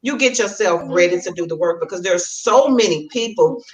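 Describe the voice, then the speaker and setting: A woman's voice: lowish voice, animated, fairly quick. A woman co-host talking emphatically and a bit preachy in a casual chat, a mother. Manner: emphatic, preachy, says "absolutely" often. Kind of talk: casual chat on a video call. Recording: echoey room, far from mic.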